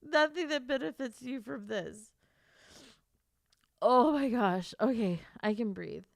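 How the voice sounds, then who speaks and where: A young woman chats casually on a live stream, teary and stuffed up, laughing and swearing through her emotion. Her voice sits a little high, with gravelly fry under it. The sound is close and dry. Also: slow pace, dry recording.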